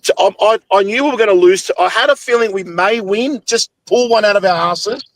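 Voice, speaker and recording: A man's voice: high voice, brisk, a bit bright, dry recording, low-quality recording. A young Australian man with a football podcast, in a heated, sweary rant about his club after a loss. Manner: angry, sweary, ranting. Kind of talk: heated post-game rant.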